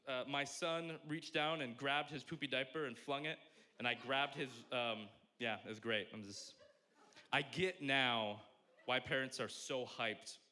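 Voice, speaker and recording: A young man preaching a sermon as pastor, joking and animated, swinging from loud exclamations to quiet asides. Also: a little high.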